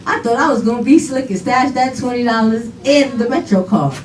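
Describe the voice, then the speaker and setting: A daughter giving an animated eulogy at a funeral, telling laughing stories full of quoted dialogue. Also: female voice, on the high side, a little fast. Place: funeral home chapel. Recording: echoey hall, voice from far off, faint noise.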